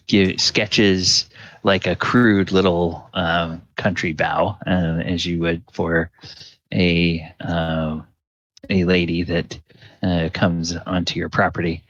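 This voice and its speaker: A man narrating a tabletop game as game master, halting with many fillers. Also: low voice, flat delivery, a bit bright, dry recording, dull audio.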